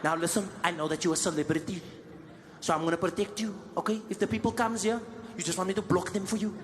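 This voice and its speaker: A man's voice: high voice, fairly even intonation, quick pace, noisy background, lightly acted. A man voicing an eager, nervous flight purser who fusses and over-promises. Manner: fawning, jittery, over-promising.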